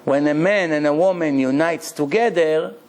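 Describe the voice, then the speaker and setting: A man's voice: on the high side, normal speed, a little mellow, a little hiss or hum. A male rabbi giving a Torah lecture, telling stories animatedly and asking the audience rhetorical questions, in English that is not his first language. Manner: non-native English grammar.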